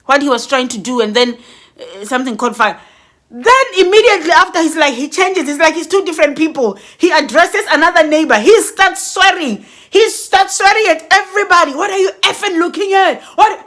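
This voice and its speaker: A middle-aged woman tells a storytime vlog in a very high voice. She is dramatic and expressive and mimics bangs and blasts aloud. Her tone is bright and forceful. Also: a little fast. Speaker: vlogger telling a story.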